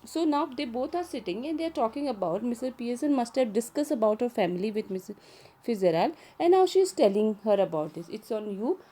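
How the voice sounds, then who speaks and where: A woman's voice: a little high, lively intonation, fairly quick, warm tone. A woman teacher, reading a play to her class and rephrasing each line in simple words.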